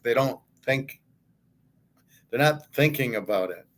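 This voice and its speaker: A man's voice: mid-range voice, lively intonation, a little slow. A middle-aged man, a sports handicapper, delivering a blunt, indignant monologue full of swearing and rhetorical questions. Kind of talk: ranting monologue.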